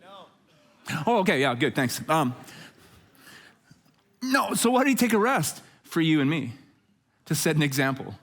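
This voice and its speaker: A middle-aged man preaching a conversational sermon as pastor, telling stories with jokes and lively asides. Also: fairly high pitch, normal speed, long pauses. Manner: jokey, animated storytelling with asides.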